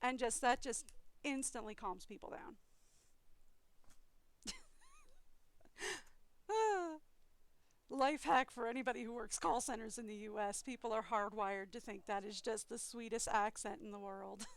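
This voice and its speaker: Chatty, high-voiced American woman streamer. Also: measured pace, long pauses, smooth. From eastern United States. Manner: chatty, rambling, giggly. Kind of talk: casual live game stream chat.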